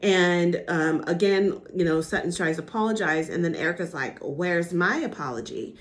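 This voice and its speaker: A young woman recapping a reality TV episode in casual gossip chat, animated and acting out the cast's lines. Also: on the low side, normal speed. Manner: animated, acts out quotes with impressions.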